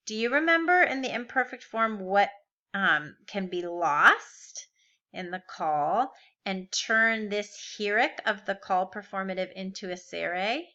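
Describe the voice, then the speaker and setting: A woman's voice: medium pitch, pushed and bright, muffled recording. A woman teaching a recorded grammar lesson, patiently walking through verb forms step by step and asking rhetorical questions. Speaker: Biblical Hebrew teacher.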